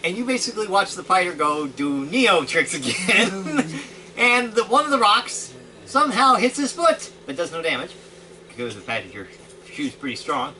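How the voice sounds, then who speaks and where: Running a tabletop game as game master, a high-voiced man narrates dice rolls and combat at a moderate pace, laughing through his animated storytelling. The home recording is noisy.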